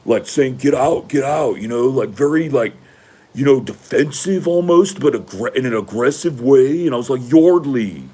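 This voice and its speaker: A man's voice: mid-range voice, expressive, normal speed, mellow, slightly rough, pitched above the performer's own voice. A man doing an impression of a privileged young male college athlete who rambles and pads every phrase with "like". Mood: whiny.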